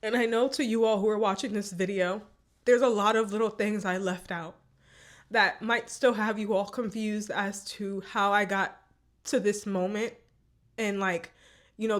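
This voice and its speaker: A woman's voice: medium pitch, fairly even intonation, moderate pace. A woman vlogger telling a personal story in a candid, emotional way, often repeating herself.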